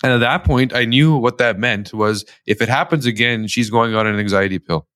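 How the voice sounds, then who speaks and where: A man from Canada, a guest, telling a family story in lively conversational style with quoted dialogue. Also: mid-range voice, fairly quick, dry recording, studio quality. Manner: animated, tells stories with quoted dialogue. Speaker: guest, company founder.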